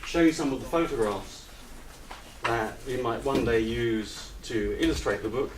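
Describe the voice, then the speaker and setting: A man giving a slide presentation to an audience, hesitant with many ums, relaxed and gently humorous. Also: mid-range voice, moderate pace. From United Kingdom. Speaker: lecturer. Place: retreat lecture room with audience. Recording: roomy echo, distant mic, faint hiss.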